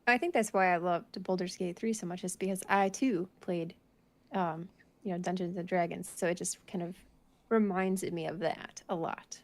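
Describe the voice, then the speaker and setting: A woman's voice: fairly low pitch, fairly even intonation, normal speed, darkish tone. A woman guesting on a gaming podcast in casual chat, easygoing and candid.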